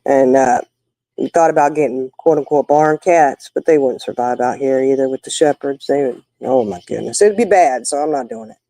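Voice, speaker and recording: A woman's voice: extremely low pitch, moderate pace, warm tone, no room sound, poor audio. An older woman, hosting a casual chat with viewers and telling folksy stories. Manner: folksy, chatty storytelling. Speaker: livestream host.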